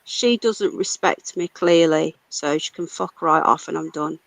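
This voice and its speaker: A woman's voice: low-pitched, a little slow, gravelly, dry recording, poor audio. A British woman hosting a casual livestream, ranting angrily and swearing a lot. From United Kingdom. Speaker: livestream host.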